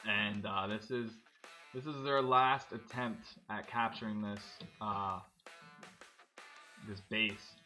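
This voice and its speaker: A man casually commenting as he plays a tank game, thinking aloud and getting excited when things blow up. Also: lowish voice, slow pace, pauses often, faint music behind. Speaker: gameplay commentator. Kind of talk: casual let's-play commentary.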